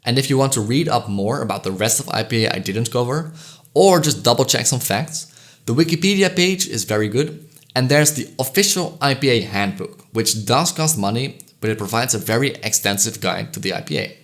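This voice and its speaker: Man, educational voice-over, clear explanatory delivery, sounds out vowels slowly. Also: mid-range voice, expressive, fairly bright tone. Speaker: language educator. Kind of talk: scripted educational narration.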